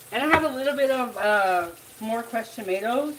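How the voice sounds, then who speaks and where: A woman with a fairly high voice talks viewers through her cooking in a home kitchen. She is relaxed and chatty, calls her audience y'all, and laughs often as she goes. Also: slow, long pauses, a little hiss or hum, poor audio. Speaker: home cook hosting a cooking channel. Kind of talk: casual cooking vlog, talking while cooking.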